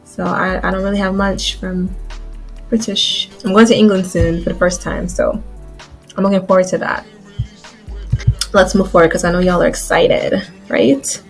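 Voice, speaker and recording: A woman's voice: fairly low pitch, level tone, moderate pace, creaky. Chatty woman vlogger, faint music behind. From Guyana. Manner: chatty, addresses viewers as y'all and guys, many likes. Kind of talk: casual chat to camera.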